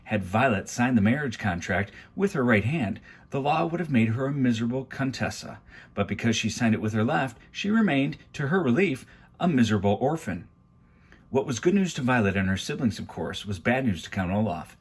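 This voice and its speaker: A man's voice: medium pitch, expressive, a little fast, slightly rough. A man reading a children's book aloud at home, with wry, confiding asides to the listener. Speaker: storybook reader. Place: home garage.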